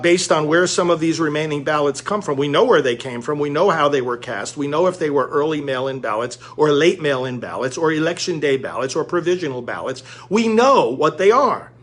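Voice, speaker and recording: A man with a notably high voice explains things to his viewers in a steady lecturing monologue. He is emphatic and repeats key words for stress. He is from the United States. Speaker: commentator.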